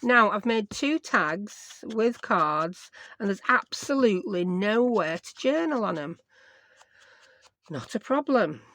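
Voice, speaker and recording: A woman's voice: medium pitch, expressive, slow, fairly bright tone, no room sound. A woman with a Yorkshire accent chatting casually through a craft tutorial at her desk, self-mocking and dropping in dialect words. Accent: Yorkshire English. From Yorkshire, England. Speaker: craft vlogger.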